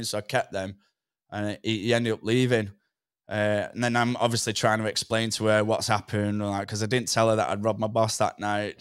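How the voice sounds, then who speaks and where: Young man, rambling casual storytelling, smooth resonant voice, dry close sound. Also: fairly low pitch, no echo. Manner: rambling, swears, lots of "do you know what I mean". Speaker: podcast guest.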